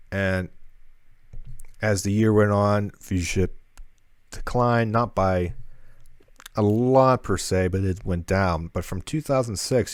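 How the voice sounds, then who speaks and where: A man co-hosts a casual podcast in a deep, low voice. He rambles through his notes with frequent fillers and false starts. The sound is close and dry, with no room echo. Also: darkish tone. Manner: rambling, many fillers and restarts. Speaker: podcast co-host.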